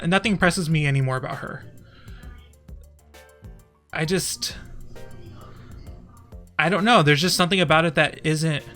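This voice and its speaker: A man's voice: on the high side, pushed and bright. A young man from Texas chatting casually on his stream, often laughing and trailing off mid-thought.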